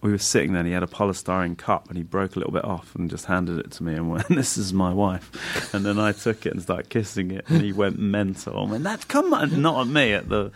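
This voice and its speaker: A comedian guest chatting in a casual interview, his man's voice sitting very low with a gravelly, creaky texture. He rambles through anecdotes, laughing often and putting on silly voices when he quotes his friends. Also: fast, few pauses. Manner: slips into animated voices when quoting friends.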